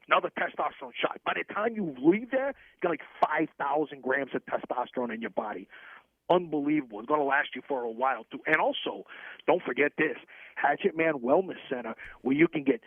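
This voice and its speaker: A man puts on a brash, shady middle-aged hustler with a thick North Jersey accent. His voice is raspy and gravelly, a little high for a man, and he rambles through one boast and hard sell after another. It comes over a tinny, dry phone line. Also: expressive, fairly quick, no room sound. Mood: boastful. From New Jersey. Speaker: comic caller character. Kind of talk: comedic sports radio bit.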